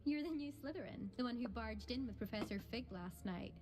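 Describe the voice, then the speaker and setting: A woman's voice: on the high side, animated, fairly quick, background noise, close to an everyday voice. An actress with a Scottish accent playing a boastful young female student flier in a video game, haughty and self-assured.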